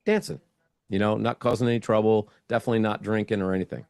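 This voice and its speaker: A man's voice: lowish voice, fairly even intonation, fast talker, gravelly, a little mellow, clear, resonant tone, dry recording, clean studio sound. A middle-aged man, a guest in an interview, telling a casual story and acting out his own thoughts as he goes.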